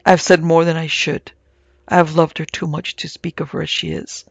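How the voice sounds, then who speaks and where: A man's voice: fairly high pitch, level tone, normal speed, creaky, breathy edge, dry recording, dull audio. A man voicing a distraught young man haunted by grief and horror, gasping and anguished. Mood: despairing.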